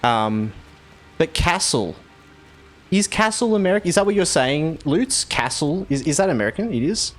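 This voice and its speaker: A man's voice: fairly high pitch, sing-song, normal speed, faint music behind. A man with an Australian accent from Victoria, chatting casually with viewers while streaming a game. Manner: rambling, chatty, laughs easily.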